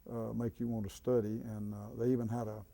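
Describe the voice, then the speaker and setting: Older male interviewee, low gravelly voice, hesitant storyteller. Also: level tone, mellow. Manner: halting, many fillers and restarts. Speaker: interviewee, former student. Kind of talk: reminiscing interview.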